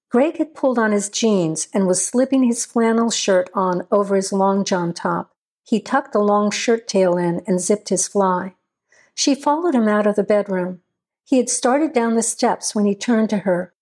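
A woman reading a horror story aloud as a scripted narration, at a steady, measured pace. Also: medium pitch.

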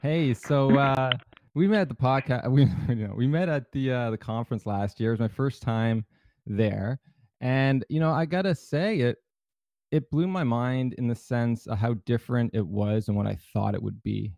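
A man's voice: medium pitch, normal speed, gravelly, darkish tone, no echo. A man hosting a podcast in a casual, easygoing way, with lots of fillers and restarts. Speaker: podcast host.

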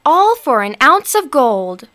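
A woman's voice: on the high side, sing-song, a little slow, bright, forceful tone, full character voice. A woman voicing a bold, sly young female troll who chants her lines in a sing-song way.

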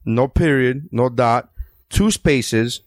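Man, casual co-host, mid-pitched, halting restarts, dry close sound. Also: dry recording. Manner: halting, repeats phrases while thinking. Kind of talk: casual chat.

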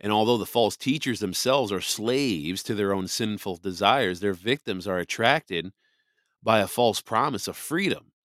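Talking loosely through scripture, this podcast host keeps saying "you know" and lands his points with preacher-style emphasis. His voice is on the low side for a man, a bit bright, at normal speed, and it sounds dry and close with no room around it.

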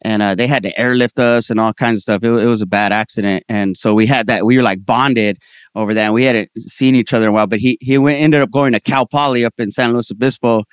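A man talking as a comedian guest in a casual interview, telling stories in slangy, animated speech and voicing the people he quotes. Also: mid-range voice, fast, clean tone, dry recording, clean studio sound.

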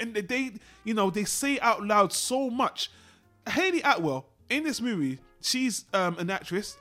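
Guy with a high voice ranting about a movie, lively and cussing, soft music under it. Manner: animated, swearing, acts out characters in his retelling. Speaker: podcast co-host. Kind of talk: casual film discussion.

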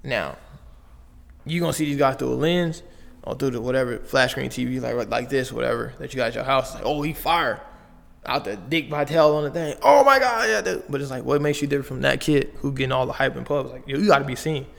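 A man's voice: medium pitch, steady tone, fast, vocal fry, fairly bright tone, long reverb tail. A young man from Las Vegas, a basketball player telling his story in loose, slangy casual talk full of fillers and restarts. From Las Vegas, USA.

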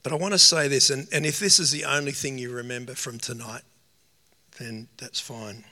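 A man's voice: mid-range voice, steady tone, sharp tone. Earnest male preacher in a reverberant hall. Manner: earnest, emotional, slow emphatic phrasing. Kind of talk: sermon.

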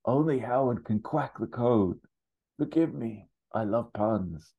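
A man voicing a dying old male duck tycoon who croaks his words and loves puns. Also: mid-range voice, lively intonation, slow, phone-quality sound, voice pushed up, heavily acted. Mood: wheedling.

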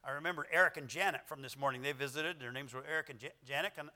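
A man's voice: on the high side, very fast, bright, forceful tone. A male pastor preaching an evening church sermon in a folksy, rambling way, full of fillers and little self-deprecating chuckles. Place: church sanctuary.

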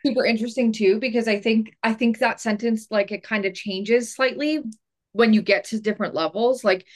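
A woman's voice: fairly high pitch, fairly even intonation, moderate pace. A woman who runs a business, a guest on a podcast, talking casually with many filler words. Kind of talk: casual interview chat.

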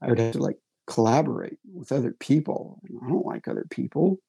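Guest writer-actor, man; husky, dry-sounding voice, self-deprecating storyteller. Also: medium pitch, expressive, fairly quick, dark tone, no echo. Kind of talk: casual conversation, storytelling.

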